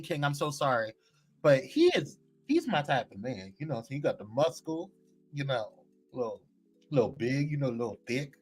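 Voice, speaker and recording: Male live-stream host, playful gossip chat, voice bouncing up and down with lively swings, faint music underneath. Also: on the high side. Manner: animated, playful, teasing, chatty with frequent laughs. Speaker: live morning show host. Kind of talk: casual gossip chat, reading viewer comments live.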